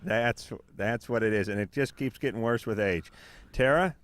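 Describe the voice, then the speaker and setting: A man hosting a late-night call-in radio show, talking in a rambling, halting way full of fillers and restarts. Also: mid-range voice.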